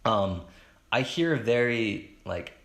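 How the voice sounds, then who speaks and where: A young man with a lowish, fairly monotone baritone hosts his own podcast alone. He rambles in a chatty, self-conscious way, stumbling, restarting and filling pauses. The recording sounds roomy and echoey. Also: vocal fry. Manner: rambling, hesitant, with fillers and restarts. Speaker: podcast host. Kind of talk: solo casual podcast monologue.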